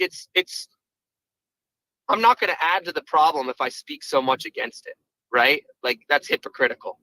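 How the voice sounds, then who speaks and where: A man's voice: on the high side, fairly quick, bright, forceful tone, rough recording. A man in his twenties calling in to a podcast, rambling and filling his talk with "like" and "right". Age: 20s. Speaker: caller. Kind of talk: casual call-in chat.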